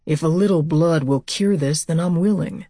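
Woman doing a quiet serious young guy, mellow, dry close sound, audiobook. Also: low voice, normal speed, dry recording. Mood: earnest. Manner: soft, steady, serious.

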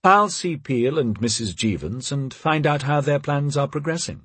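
A man voicing a proud young aristocratic husband in a storybook reading, speaking in a soothing, earnest way with a husky voice. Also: on the high side, animated, normal speed, fairly bright tone, no room sound, voice pushed up.

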